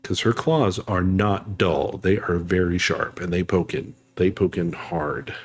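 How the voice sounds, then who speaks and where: Chatty, low-voiced male streamer. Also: fairly even intonation, a little slow. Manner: chatty, laughs easily, reads and thanks chat. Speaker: live streamer. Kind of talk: casual live-stream chat while playing a game.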